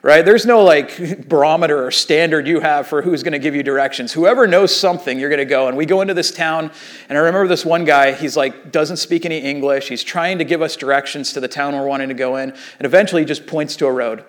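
A man in his thirties, an associate pastor, telling a story in a sermon in a casual, animated way with many fillers. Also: on the high side, fast.

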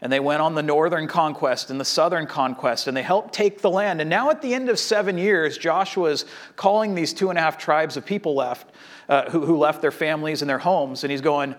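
Guy preaching, slightly high voice, reads the verses then acts them out casual and animated. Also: brisk. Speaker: pastor. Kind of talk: sermon.

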